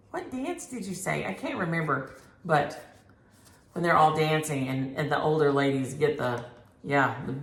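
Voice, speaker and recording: A middle-aged woman in casual chat about her stitching at home, rambling from one thought to the next. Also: low voice. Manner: rambling, chatty, talks to her cats between thoughts. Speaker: cross-stitch vlogger. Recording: echoey room.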